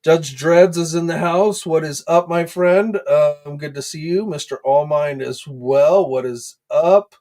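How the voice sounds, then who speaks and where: A man hosting a casual livestream, chatting in a relaxed way with plenty of "um"s and "uh"s and greeting viewers by name. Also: a little high, a little slow, hardly any pauses. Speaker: host of an action figure news livestream. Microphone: desk microphone.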